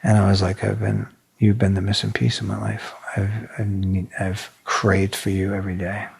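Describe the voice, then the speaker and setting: Brief: podcast guest, middle-aged man from New England, low gravelly voice, blunt and emotional storyteller. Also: completely flat delivery, moderate pace. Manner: blunt, swears freely, emotional retelling. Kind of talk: candid conversational storytelling.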